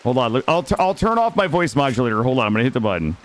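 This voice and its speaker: A man streaming a game live, talking casually to his chat in an excitable, slangy way and swearing freely. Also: medium pitch, fast, few pauses.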